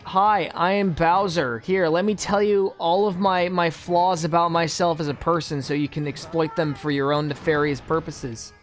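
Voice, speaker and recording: A man's voice: a little high, steady tone, normal speed, few pauses, soft background music, voice pushed up, natural voice. A man voicing a big, boastful male turtle-king villain from a video game, mocking him in a gloating, over-the-top way.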